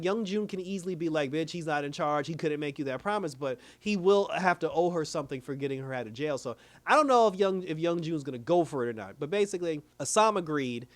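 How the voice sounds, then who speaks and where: A man's voice: fairly high pitch, no echo. Chatty man recapping with dry sound. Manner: loose slangy retelling, acts out quoted lines, chuckles often. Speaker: TV episode reviewer. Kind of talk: casual recap chat.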